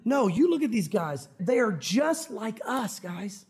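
A man preaching a sermon as a pastor, animated and acting out Bible scenes. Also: sits high, measured pace, breathy edge. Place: church sanctuary.

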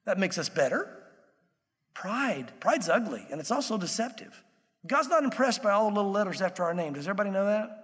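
A man with a high voice preaches a sermon as the pastor. His delivery stays conversational, and he acts out the voices he quotes. Long reverb from the church hall trails behind his words. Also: animated, fast talker, a bit bright.

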